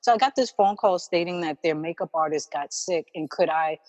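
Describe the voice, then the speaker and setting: Low-voiced New York woman telling her story. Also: brisk, darkish tone, big-room sound. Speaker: guest, makeup artist. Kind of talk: casual storytelling interview.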